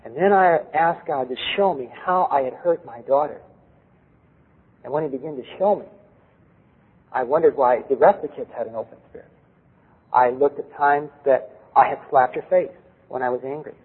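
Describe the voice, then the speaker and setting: Husky-voiced preacher man in a reverberant hall. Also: medium pitch, moderate pace, pauses often. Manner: earnest, asks the audience rhetorical questions. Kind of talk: sermon with personal story. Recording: tinny lo-fi recording with long hall reverb.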